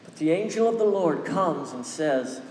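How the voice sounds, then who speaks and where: A man delivers a sermon in a fairly high voice, pressing his point again and again with an exhorting preacher's cadence. The sound is roomy, with a long reverb tail from a large hall. Faint ambient noise sits underneath. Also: expressive, moderate pace, a little mellow. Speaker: pastor.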